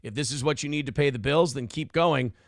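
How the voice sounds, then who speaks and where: A man's voice: medium pitch, a little fast, no room sound, studio quality. A man streaming live, reading paid chat messages aloud and answering them in a sarcastic, defensive rant. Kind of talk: casual live-stream commentary.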